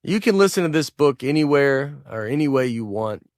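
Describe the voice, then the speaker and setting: A man with a Southern US accent, from Tennessee, narrating his own humorous audiobook in a laid-back, deadpan way. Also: mid-range voice, normal speed, dry recording, clean studio sound.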